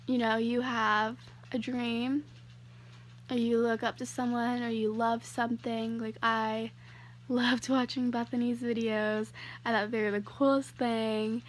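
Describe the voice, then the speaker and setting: A woman's voice: fairly high pitch, level tone, slow pace, long pauses, slight background noise. A young woman YouTuber gushing to her viewers in a casual vlog, with lots of fillers.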